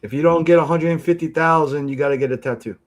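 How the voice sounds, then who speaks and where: Slightly high-voiced man making dry quips. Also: fast talker, slight background noise. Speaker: panel guest. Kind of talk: casual panel chat.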